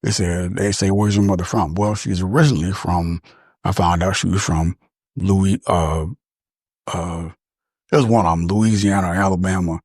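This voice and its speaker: Low husky man, slow and reflective. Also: fairly even intonation, darkish tone, no room sound, clean studio sound. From Michigan, USA. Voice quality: halting, reflective, slow to find words. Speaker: podcast speaker. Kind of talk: reflective personal monologue.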